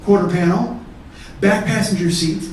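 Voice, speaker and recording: A man doing stand-up comedy, telling a profane story and shouting out the heated parts. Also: high-pitched, steady tone, moderate pace, a little hiss or hum. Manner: profane, escalates to shouting in acted-out arguments. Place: theatre stage before a live audience. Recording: echoey theatre, mic at a distance.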